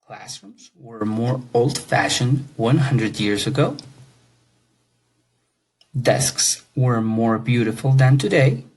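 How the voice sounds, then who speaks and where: A man's voice: medium pitch, takes it slowly, darkish tone, poor audio. A man teaching an English grammar lesson, explaining patiently and checking understanding with questions.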